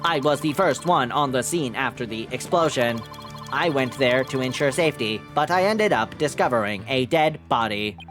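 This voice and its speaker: A man voicing a calm, terse male bomb disposal expert who speaks in a flat, robotic, clipped way, with faint game music behind. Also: mid-range voice, normal speed, natural voice.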